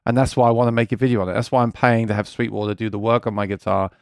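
Man, livestream host, gravelly voice, dry close sound, rambling and earnest. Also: lowish voice, little pitch movement, racing, no room sound. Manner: rambling, reads viewer comments aloud; earnest and keen about guitar gear. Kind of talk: casual live chat.

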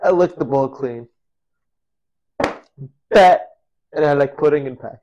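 A man with a slightly high voice talks his way through a home cooking video. He is goofy and rambling, laughing at his own jokes. He sounds like he is in his own kitchen. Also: a little slow, long pauses, a little mellow, low-quality recording. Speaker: cooking vlogger. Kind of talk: casual cooking vlog.

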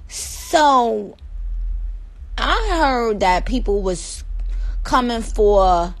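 A woman's voice: a little high, animated, poor audio. A woman with a New York accent chatting casually and playfully to viewers on a phone livestream, stretching out her words with attitude. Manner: sassy, playful, drawn-out words. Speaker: livestream host.

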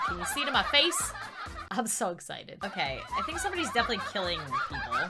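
A woman giving excitable let's play commentary, squealing and laughing often as she plays. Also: a little high, fast, over loud music. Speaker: gaming YouTuber.

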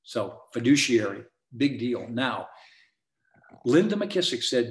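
A man's voice: mid-range voice, very animated, slow. Emphatic man coaching in an echoey room. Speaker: real estate sales trainer. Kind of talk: coaching seminar talk.

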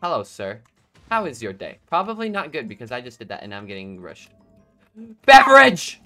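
A man giving excitable gameplay commentary, laughing often and talking to himself and his opponents. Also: lowish voice, fairly quick, soft background music. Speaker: gaming YouTuber.

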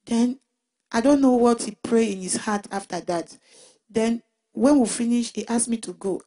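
A woman giving a personal Christian testimony in an emotional, halting way, often restarting and repeating her words. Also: fairly high pitch, dark tone. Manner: emotional retelling.

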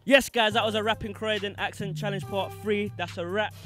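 A man hosting a street vlog, talking in a quick, jokey, energetic way outdoors. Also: high-pitched, over loud music. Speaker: vlog host. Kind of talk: casual street vlog chat.

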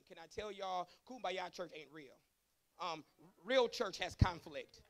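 A man preaching a sermon to his congregation. He swings from chatty asides to fervent shouting. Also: sits high, lively intonation, a little slow. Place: church service.

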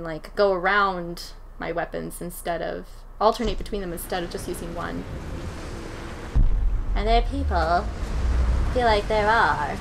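A woman hosting a casual let's play, talking to herself as she plays, jumpy and quick to swear. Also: medium pitch, slight background noise. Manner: jumpy, swears freely, talks to herself while playing. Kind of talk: casual gaming commentary. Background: game music and sounds.

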